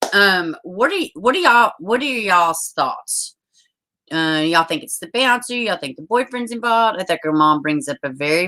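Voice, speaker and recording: Low bright-voiced woman chatting on a livestream. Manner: chatty, reads out viewer comments, uses y'all. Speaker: livestream host. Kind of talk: casual livestream chat.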